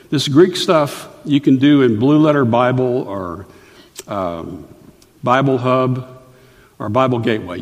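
Male preacher, middle-pitched, casual teaching tone with asides; recorded in a reverberant hall. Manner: conversational, explanatory, with asides and rhetorical questions. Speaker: Bible teacher. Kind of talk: sermon.

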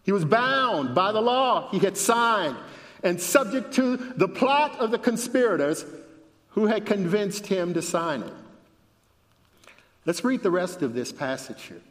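A man preaching a sermon and reading scripture aloud with dramatic emphasis, his voice rising at the high points. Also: big-room sound.

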